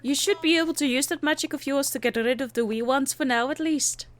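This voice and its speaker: A woman's voice: high-pitched, a little fast, close to an everyday voice. A woman voicing a spirited young Scottish princess with an exaggerated put-on Scottish accent, reading game dialogue aloud. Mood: excited.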